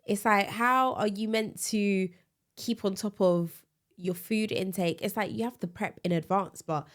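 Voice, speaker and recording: A woman co-hosting a casual podcast chat. She sounds tired and a bit bunged up with a cold, and she talks in an animated way with frequent laughs. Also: mid-range voice, measured pace. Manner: chatty, animated, laughs often. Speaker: podcast co-host.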